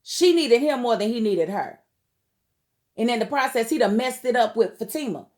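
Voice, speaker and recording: Worked-up woman from kentucky venting about a tv show, kinda high voice, loud and emphatic, casual vlog. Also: normal speed. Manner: emphatic and heated, lively, outspoken slang. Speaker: TV show recap vlogger.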